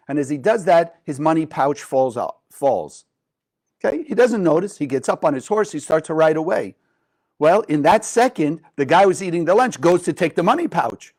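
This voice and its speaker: A man's voice: a little high, a little mellow. A man teaching a spiritual lesson in a conversational, engaging way, telling a parable and asking his listeners questions. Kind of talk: spoken lesson with storytelling.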